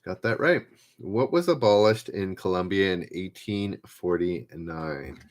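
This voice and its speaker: A man hosting a live-stream trivia game, relaxed and self-deprecating, repeating each question as he reads out viewers' guesses. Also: sits low, a little slow. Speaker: trivia host.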